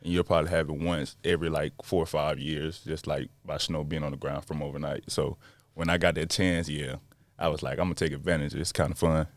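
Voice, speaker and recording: Young Southern American man, very low voice, dry close mic, relaxed slangy podcast guest. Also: a little fast, dry recording. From Montgomery, Alabama, USA. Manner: laid-back, slangy, chuckling. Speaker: guest basketball player. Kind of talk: casual interview chat.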